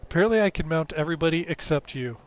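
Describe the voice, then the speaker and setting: A man's voice: a little high, animated, very fast. A man playing in a tabletop game over a call, joking and chatty. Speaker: player.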